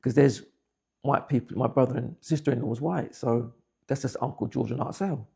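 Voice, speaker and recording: A man's voice: mid-range voice, normal speed, vocal fry, dark tone, husky. A man, giving blunt, plain-spoken personal testimony. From England. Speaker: interviewee.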